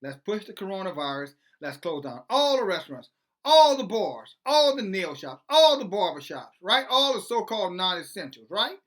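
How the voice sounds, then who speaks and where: Animated, sarcastic online commentator. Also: medium pitch, normal speed. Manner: preachy, sarcastic, full of rhetorical questions. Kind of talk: reading news aloud and commenting.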